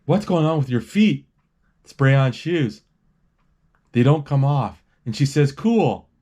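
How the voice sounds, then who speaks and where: A man casually retelling a movie scene by scene, rambling with restarts and quick acted quotes. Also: mid-range voice, dark tone.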